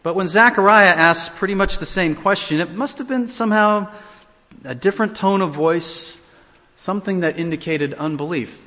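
A man preaching a sermon, expressive, acting out quoted lines with big swings in his voice. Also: high-pitched, normal speed, in a large hall. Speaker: pastor.

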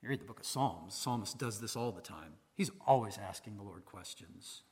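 A man's voice: fairly low pitch, animated, fairly quick, a little mellow, slightly rough. Man preaching in a reverberant hall. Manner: conversational preaching with rhetorical questions. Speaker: pastor. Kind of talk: sermon.

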